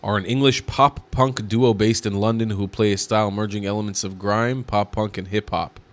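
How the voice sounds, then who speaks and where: A man's voice: fairly low pitch, steady tone, normal speed. Indignant man ranting over clips. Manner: indignant, mocking, rants. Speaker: commentator. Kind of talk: reaction commentary.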